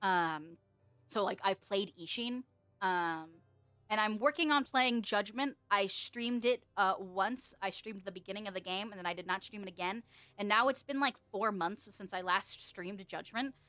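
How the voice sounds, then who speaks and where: A woman's voice: medium pitch, moderate pace, fairly bright tone, clean tone, no echo. Giggly rambling young woman streamer. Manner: giggly, rambling, swears casually. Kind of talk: casual chat stream.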